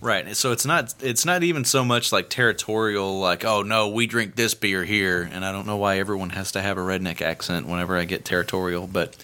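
A man's voice: low voice, quick pace, few pauses, sharp tone. A man co-hosting a casual chat about beer, often restarting his sentences and repeating words. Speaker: podcast co-host.

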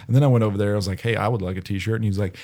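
Man, casual chat, goofy, punny, story-telling, low pitch. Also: fairly even intonation, very fast, darkish tone. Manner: goofy storyteller, puns, laughs at own jokes. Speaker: podcast co-host.

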